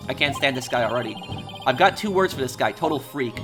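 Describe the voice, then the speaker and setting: A man's voice: mid-range voice, lively intonation, fast talker, over music. A man hosting a let's play, chatty and explaining at length with many fillers and restarts. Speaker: gaming video host.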